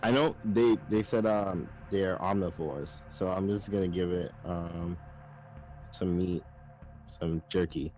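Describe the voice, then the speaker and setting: A man's voice: deep voice, slow pace, a little mellow, soft background music. A man playing a tabletop game, speaking hesitantly and tentatively. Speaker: player. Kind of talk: casual tabletop play.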